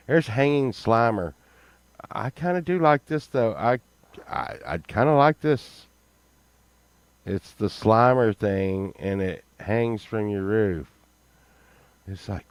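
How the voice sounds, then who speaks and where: An older man with a drawl, commenting on things with loud disbelief and casual cursing. He takes his time, and his voice stays smooth and full. The sound is dry and close, with no room around it. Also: lowish voice, no echo. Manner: exclaiming loudly, swearing, jumping between shouts and mutters. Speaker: host.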